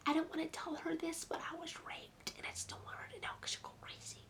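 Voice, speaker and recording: A woman voicing a detached young woman in a flat, hushed whisper, as whispered role-play. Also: very high-pitched, fast talker, vocal fry, pitched above the performer's own voice, full character voice.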